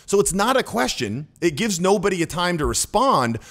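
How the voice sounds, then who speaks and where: A man's voice: high-pitched, very animated, moderate pace, fairly bright tone. Casual analytical man breaking down clips. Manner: analytical, casual, laughs often. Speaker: social skills coach and channel host. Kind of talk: video commentary breakdown.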